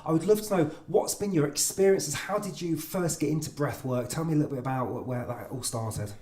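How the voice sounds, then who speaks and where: Quick-talking man in a roomy space. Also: fairly high pitch, a little mellow. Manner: chatty, quick, repeats words when starting. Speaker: interviewer. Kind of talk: casual conversation.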